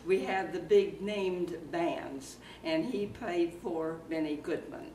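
Slow-spoken elderly woman reminiscing. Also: fairly low pitch, mellow. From Iowa, US. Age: 80s. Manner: slow, halting reminiscing with fillers. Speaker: interviewee, former circus performer. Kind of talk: oral history interview. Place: community room of a library. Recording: roomy, distant mic, faint background noise.

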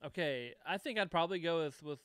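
Bright, crisp-voiced male co-host. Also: a little high, animated, fast talker, no echo, clean studio sound. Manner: hesitant, thinks aloud with fillers. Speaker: podcast co-host. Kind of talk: casual podcast chat.

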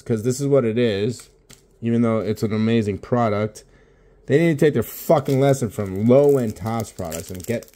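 Opening baseball cards in his home office, a tired young vlogger mumbles casual commentary and swears constantly from lack of sleep. His voice is medium-pitched and mellow.

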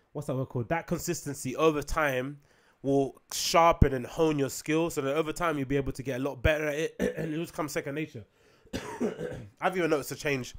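A man hosting a solo podcast, rambling casually with frequent ums, swearing and rhetorical asides. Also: medium pitch. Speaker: podcast host.

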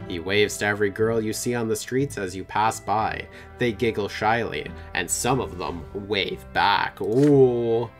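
A man's voice: on the low side, fairly bright tone, faint music behind. Man reading a game aloud with playful asides. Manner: playful, quick to laugh. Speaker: let's play host reading the game. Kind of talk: narrating a text game with casual banter.

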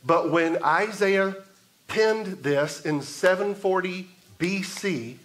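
High-voiced preacher, slow and emphatic. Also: male voice, a bit bright. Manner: measured preaching with emphatic repetition. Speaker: pastor. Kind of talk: sermon. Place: church sanctuary.

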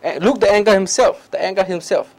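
High-pitched male meditation teacher, plain broken English, short repeated lines, questions the room. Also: a little fast, a little mellow, poor audio. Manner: questions the listeners directly. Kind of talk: public talk on meditation.

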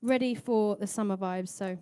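A woman's voice: medium pitch, normal speed, mellow, clear, resonant tone. A woman singer co-hosting a livestream, chatting in a bubbly, upbeat way. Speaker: singer and co-host. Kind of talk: casual livestream chat.

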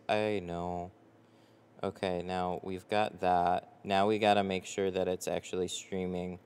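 A man with a fairly low voice talks loosely to his livestream viewers, rambling and full of fillers. His voice trails off into long reverb, the way it does in a tint workshop. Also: flat delivery, a little slow, a little mellow, clean tone. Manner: chatty, rambling, frequent fillers. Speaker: window tint installer streaming live. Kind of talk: casual livestream chat. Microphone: headset.

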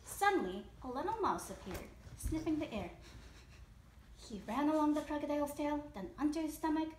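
High-voiced mother reading a story aloud. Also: normal speed, a little hiss or hum. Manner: expressive, animated storytelling. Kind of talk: children's story read-aloud. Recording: echoey room.

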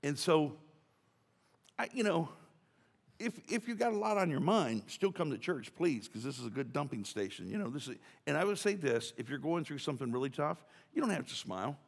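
Chatty pastor in a reverberant church. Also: male voice, a little high, expressive, a little fast, creaky, husky. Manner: chatty, joking, many restarts and asides. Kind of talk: casual sermon. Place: church sanctuary.

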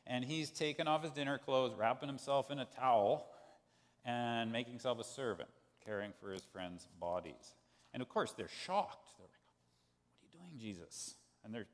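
A man preaching a sermon as pastor, telling a story in an animated way and acting out the quoted voices. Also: lowish voice. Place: church sanctuary. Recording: long church hall reverb.

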